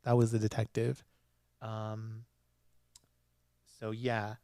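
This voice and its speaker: A man's voice: lowish voice, completely flat delivery, takes it slowly, warm tone, no room sound. A young man hosting a solo podcast, chatting casually and laughing often as he recaps episodes. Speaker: podcast host.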